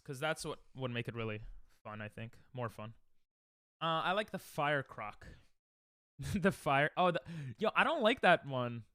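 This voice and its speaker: A young man streams a game from home and chats loosely with his viewers, breaking off and restarting as he goes. His voice sits a little high and sounds smooth and clear. It comes across dry and close on a desk mic. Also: fairly bright tone, no echo. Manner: rambling, self-deprecating, restarts often, chats with viewers. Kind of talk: casual livestream chat while speedrunning.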